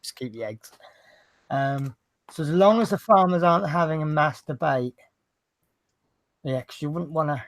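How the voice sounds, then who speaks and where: A man's voice: on the high side, normal speed, pauses often, no room sound. A man hosting a casual hobby show, rambling through jokes and banter. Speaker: host. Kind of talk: casual chat, telling jokes.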